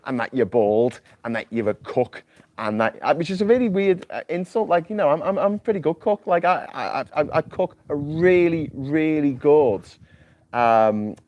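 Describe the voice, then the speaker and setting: A man's voice: a little high, expressive, normal speed, darkish tone. Chatty man rambling. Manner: chatty, jokey, repeats words when starting sentences. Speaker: livestream host. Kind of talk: casual rambling chat. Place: island home without mains power.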